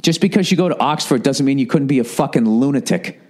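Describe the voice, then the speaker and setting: A man's voice: mid-range voice, quick pace, a little mellow. A middle-aged man hosting his own podcast, ranting with profanity and sarcasm and reading listener emails aloud with running asides. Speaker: podcast host. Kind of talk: solo rambling podcast monologue.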